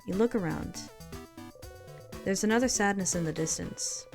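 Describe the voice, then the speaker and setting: A woman calmly reading a video game's narration aloud in a soft voice. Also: mid-range voice, normal speed, soft background music. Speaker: let's play narrator.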